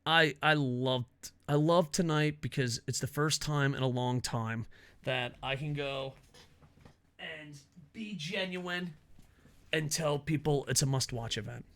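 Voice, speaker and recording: A man with a fairly high voice rants through his own wrestling commentary show. He swears freely, laughs often and gets excitable between asides. The delivery is loose and conversational rather than scripted. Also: slow. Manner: profane, excitable, laughs a lot. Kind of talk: casual opinion rant.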